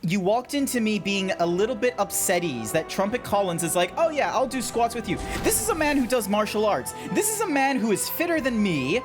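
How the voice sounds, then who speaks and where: A man's voice: high voice, very animated, a little fast, hardly any pauses, over music. A young Australian man chatting casually on a gaming stream, playful and rambling, swearing now and then.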